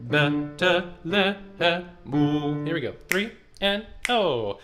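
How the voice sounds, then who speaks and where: Male choir director, mid-pitched, counts and demonstrates parts over music. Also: moderate pace. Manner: counts and speaks syllables aloud, then sings demonstration lines. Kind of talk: online choir rehearsal.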